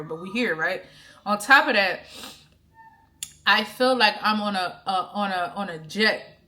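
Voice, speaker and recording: A woman, giving an excited, emphatic faith testimony to her camera from her bedroom, often repeating herself. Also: medium pitch. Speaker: faith vlogger. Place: bedroom with pillows behind her.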